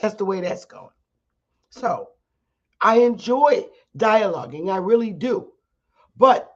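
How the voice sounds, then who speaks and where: A middle-aged woman holds forth on her own livestream, blunt and combative, cursing freely as she lays down her rules. Her voice has a husky, breathy edge. The audio comes through dull and lo-fi. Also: on the high side, expressive, unhurried. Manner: blunt, profane and combative, rising to shouts. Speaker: channel host teaching her audience. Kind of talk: heated livestream monologue.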